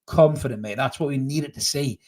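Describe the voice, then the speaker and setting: Male fan-channel host, average pitch, casual and emphatic live reaction voice. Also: brisk, darkish tone. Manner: chatty and emphatic, says mate and absolutely a lot, swears casually. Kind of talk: live post-match reaction reading chat.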